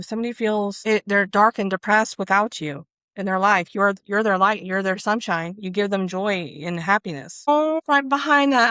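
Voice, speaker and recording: A woman talks through a tarot card reading in a loose, chatty way, pulling cards and reacting to them out loud. Her voice sits in an ordinary middle pitch. The sound is dry and close, with no room echo. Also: moderate pace. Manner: chatty, Southern-tinged "y'all", breaks into laughs and excited exclamations. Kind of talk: casual spiritual card reading.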